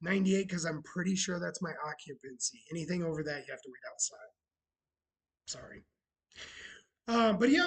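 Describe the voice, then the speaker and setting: Man, casual live-stream chat, sarcastic, talkative, slightly husky. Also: high voice, steady tone, moderate pace, long pauses, rough recording. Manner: chatty and sarcastic, shouting greetings to viewers. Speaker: streamer running a bar roleplay channel.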